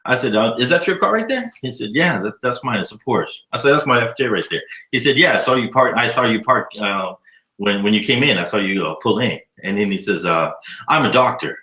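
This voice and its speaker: A man in his fifties, an educator living abroad, telling stories in a casual, profane, animated way during an interview. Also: on the low side, a little fast, roomy sound, rough recording. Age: 50s. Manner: animated, profane storyteller acting out dialogue.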